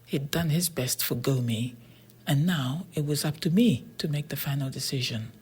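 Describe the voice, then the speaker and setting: A breathy, husky narrator reads a storybook aloud in a steady, even way. The voice often drops to a near whisper, with pitch sitting in a middle range. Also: moderate pace. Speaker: audiobook narrator.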